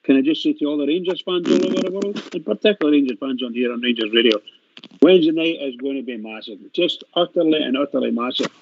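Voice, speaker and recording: Man, upbeat co-presenter, quick, dull hissy audio. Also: mid-range voice, expressive, a little mellow. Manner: upbeat, rousing. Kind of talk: rallying sign-off. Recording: dull lo-fi line with faint hiss.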